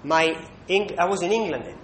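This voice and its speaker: A man preaching a sermon, emphatic, pausing to check in with listeners with a questioning "hmm". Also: a bit bright. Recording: echoey room with faint rumble.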